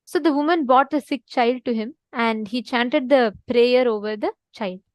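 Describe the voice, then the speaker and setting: A woman's voice: a little high, moderate pace, no echo. A woman giving an online spiritual teaching, earnest and repeating key points, now and then asking listeners to respond. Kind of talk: online teaching session with a story.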